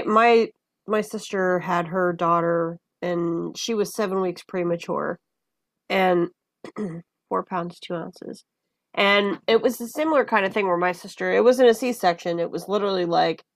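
A woman guest in a casual conversation, telling personal stories in an animated way and acting out the voices of the people in them. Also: fairly low pitch, no echo. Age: adult mother of a young child. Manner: animated, acts out voices in her anecdotes. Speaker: podcast guest.

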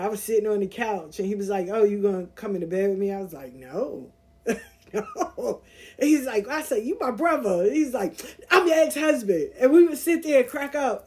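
Animated woman telling a personal story. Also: on the high side. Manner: animated, acts out voices in her anecdotes. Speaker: podcast host. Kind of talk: casual storytelling monologue.

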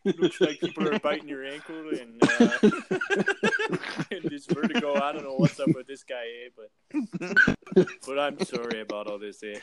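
A man's voice: on the high side, sing-song, unhurried, long pauses, over a noisy crowd, voice pushed up. Man doing a sorry-saying Canadian killer. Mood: apologetic, jokey. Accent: put-on Canadian. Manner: apologizes constantly, tags lines with "eh". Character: overly apologetic Canadian male killer.

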